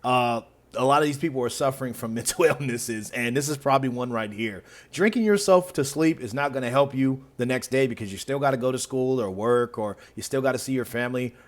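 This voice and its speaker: A man's voice: medium pitch, a little fast, hardly any pauses. A man hosting a reaction video who mocks the clips with sarcasm and frequent laughter. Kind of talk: reaction commentary.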